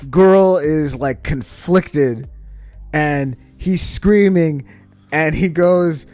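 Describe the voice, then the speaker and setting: A man co-hosting a casual podcast guessing game, animated and laughing often as he acts out movie lines. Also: a little high, very slow, faint music behind. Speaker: podcast co-host.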